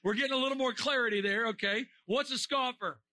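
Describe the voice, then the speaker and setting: A man preaching a sermon to a young crowd, animated and joking, firing rhetorical questions and sometimes shouting. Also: very high-pitched, quick pace.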